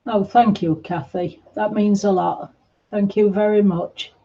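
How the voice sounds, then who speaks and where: A woman chatting gently on a livestream, answering viewers' comments in a reassuring way. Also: mid-range voice, steady tone, measured pace, highs cut off. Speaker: livestream host. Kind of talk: casual livestream chat reading comments.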